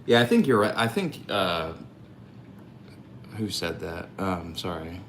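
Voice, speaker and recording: A young man hosting a live stream, chatting casually and rambling as he thinks out loud and answers chat. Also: deep voice, animated, slow, slight background noise. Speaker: live-stream host painting cards.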